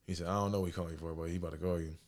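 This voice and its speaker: A young man in his twenties, telling a story in a casual chat, slangy and animated, acting out the dialogue. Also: low-pitched, rapid-fire. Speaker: podcast guest.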